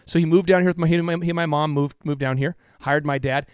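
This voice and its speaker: A man's voice: a little high, steady tone, fast talker, clean tone, no room sound. Emphatic man, dry studio. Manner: emphatic, repetitive, drops to a hush for emotional parts. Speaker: podcast guest, business coach. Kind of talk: impassioned storytelling interview.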